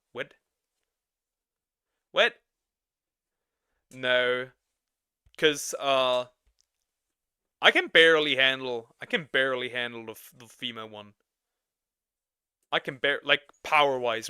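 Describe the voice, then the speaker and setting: A man's voice: mid-range voice, smooth, dry recording, studio quality. A man with a non-native English accent, chatting casually on a livestream, rambling and restarting his sentences. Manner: rambling, animated, laughs often, restarts sentences. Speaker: streamer reacting to videos and chatting.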